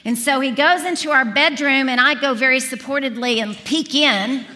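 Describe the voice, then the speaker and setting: A woman in her forties preaching, telling a lively story to a congregation and acting out the dialogue. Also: high-pitched, a little fast, few pauses. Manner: animated storyteller, acts out dialogue. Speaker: speaker at a church service. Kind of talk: storytelling sermon. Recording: reverberant hall.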